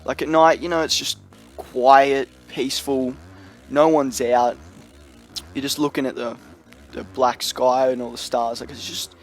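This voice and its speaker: In this storytime vlog, a young male vlogger rambles through a tale with plenty of slang and filler words like "you know" and "like." His medium-pitched voice is flat and a little slow, with a faint hiss or hum on the recording.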